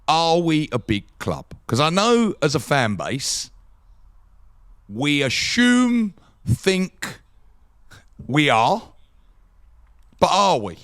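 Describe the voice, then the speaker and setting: A man's voice: fairly high pitch, sing-song, very slow, pauses often, fairly bright tone, clean tone, dry recording, clean studio sound. A man co-hosting a football podcast in casual, eager chat. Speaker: podcast co-host.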